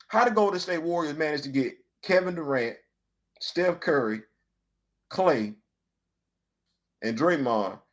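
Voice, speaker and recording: A man hosting a show, giving casual opinion commentary with animated rhetorical questions and colloquial talk. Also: high voice. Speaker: host.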